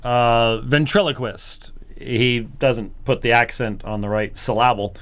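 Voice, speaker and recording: Smooth-voiced man hosting a commentary show. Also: lowish voice, unhurried. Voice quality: animated, mimics voices mid-sentence. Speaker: host of apologetics program. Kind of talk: casual commentary.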